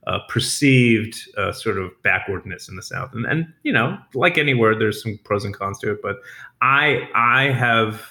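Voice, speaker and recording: A chef from New York telling stories in a casual interview, animated and laughing, with frequent restarts. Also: male voice, lowish voice, moderate pace.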